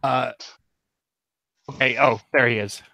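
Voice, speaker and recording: A man's voice: mid-range voice, fairly even intonation, slow, gravelly, pushed and bright, dry recording. A man commenting casually in a group talk show discussion.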